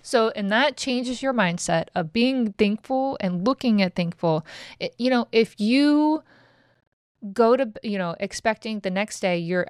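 A woman's voice: a little high, animated, unhurried, clear, resonant tone, no room sound, studio quality. A middle-aged woman who hosts a podcast, talking frankly and casually and swearing now and then. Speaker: podcast host. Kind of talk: casual motivational chat.

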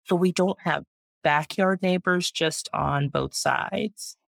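Thirtysomething woman rambling happily about her chickens and kids, gravelly, dry sound. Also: fairly low pitch, slow, no room sound. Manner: warm, chatty, proud. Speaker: guest, urban homesteader and mom. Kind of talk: casual interview chat.

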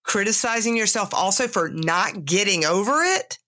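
A woman's voice: medium pitch, lively intonation, normal speed, bright, forceful tone. A middle-aged woman hosting a podcast, talking candidly and confessionally about herself while she is sick with a cold. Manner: candid, confessional, self-mocking asides. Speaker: podcast host. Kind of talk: personal reflective monologue.

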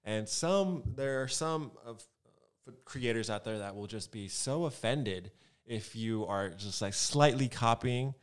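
A man from Southern California, a guest photographer telling stories in a casual podcast chat, animated and full of fillers. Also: mid-range voice, a little slow, clean tone. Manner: animated storyteller, many fillers. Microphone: studio mic.

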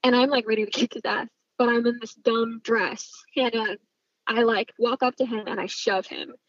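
A woman's voice: fairly high pitch, fairly even intonation, moderate pace, dry recording, highs cut off. A woman telling a personal story in casual speech, intense and swearing freely. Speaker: storyteller recounting a personal family event.

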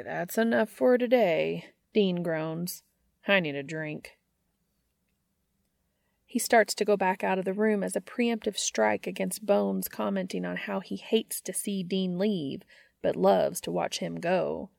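A woman's voice: lowish voice, gravelly, a little mellow, dry recording. A woman narrating a comic story with a wry, dry delivery. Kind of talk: fan fiction reading.

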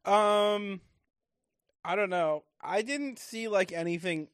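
A man's voice: high voice, slow, smooth, dry recording, clean studio sound. A man co-hosting a podcast in a casual recap chat, dropping wry comic asides. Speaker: podcast co-host.

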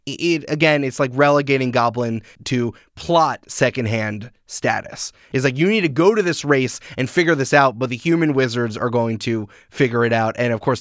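A man talking casually on a podcast, animated and full of "like" fillers. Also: medium pitch, no room sound, clean studio sound. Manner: animated, uses many "like" fillers, acts out quotes. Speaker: podcast guest.

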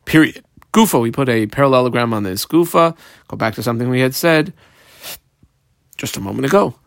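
A man's voice: medium pitch, expressive, fairly quick, gravelly, dry recording. Dry-miked man teaching a Talmud page. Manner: explains text line by line, reading Aramaic then translating. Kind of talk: daily Talmud page lesson.

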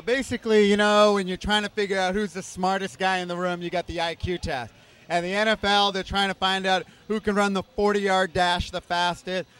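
High-voiced man explaining steadily. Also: a bit bright, clear, resonant tone. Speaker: interview guest. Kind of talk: explaining a product.

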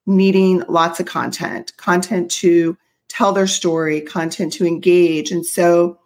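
A woman's voice: fairly low pitch, steady tone, unhurried, a little mellow. A middle-aged woman from the American South with only a faint Southern accent, chatting as a guest in an interview, upbeat and full of fillers. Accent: slight Southern US. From US South (South Carolina). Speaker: guest, company CEO. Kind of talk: casual interview talk.

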